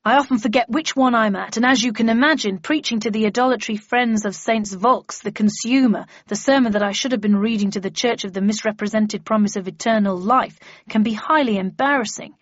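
A woman's voice: on the high side, fairly quick, few pauses, no echo, lo-fi sound, close to an everyday voice. A woman voicing a dour, grim adult brother who is a minister, in a storybook reading.

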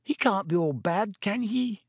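A man doing a high, timid schoolgirl. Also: lively intonation, a little slow, creaky, slightly rough, no room sound, studio quality, exaggerated voice. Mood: anxious. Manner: uncertain, pleading. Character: anxious blonde schoolgirl, timid and kind. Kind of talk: audiobook character voice.

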